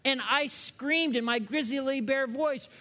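A man's voice: sits high, expressive, normal speed, a bit bright. A man in his forties preaching a conversational sermon as pastor, often stopping to check in with the congregation. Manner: conversational, with frequent rhetorical check-ins and asides. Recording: long hall reverb.

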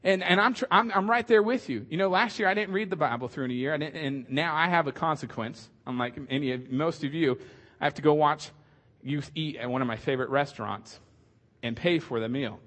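Chatty pastor with a higher voice. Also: male voice, fairly quick, fairly bright tone. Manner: conversational, joking, many fillers. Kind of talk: casual sermon.

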